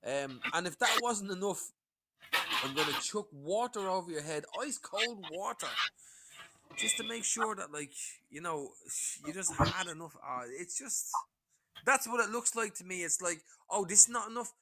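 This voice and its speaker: A man's voice: high voice, lively intonation, unhurried, very noisy. A man talking in a casual livestream chat as a panel guest, combative, sweary and mocking.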